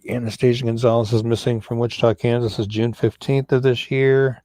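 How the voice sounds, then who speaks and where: Man, earnest, folksy, repetitive, dark mellow tone, dry sound. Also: medium pitch, flat delivery, brisk, no echo. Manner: earnest, folksy, repeats himself. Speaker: co-host of a missing persons show. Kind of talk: casual live-stream talk.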